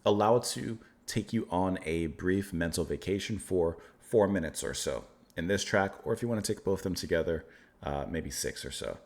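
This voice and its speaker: Low and a little mellow, the voice belongs to a man from the United States who runs a music reaction channel. He's casual and thoughtful, reads lyrics out slowly, and now and then fumbles unfamiliar names.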